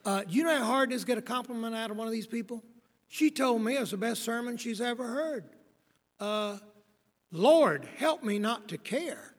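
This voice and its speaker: A man's voice: very high voice, a little fast, big-room sound. A man in his sixties, a preacher giving a rambling, wry and blunt talk on preaching, with many fillers and restarts. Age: 60s. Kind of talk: lecture on preaching.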